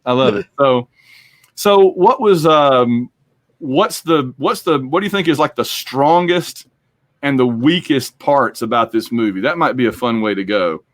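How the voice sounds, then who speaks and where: A man's voice: medium pitch, expressive, a little slow, no echo. A man hosting a podcast, chatting casually and rambling through a movie discussion. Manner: rambling, chatty, acts out quotes. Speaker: podcast host.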